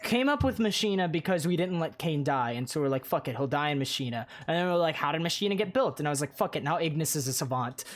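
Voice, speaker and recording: A man's voice: fairly high pitch, animated, quick pace, hardly any pauses. A man streaming casually, rambling and swearing freely as he tours a game world with friends. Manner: rambling, swears often, many fillers. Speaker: streamer and server organizer.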